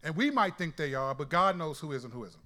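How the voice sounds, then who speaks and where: Brief: male Bible teacher, animated and colloquial, high, forceful delivery. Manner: excitable, colloquial, quick restarts. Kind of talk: animated sermon-style teaching.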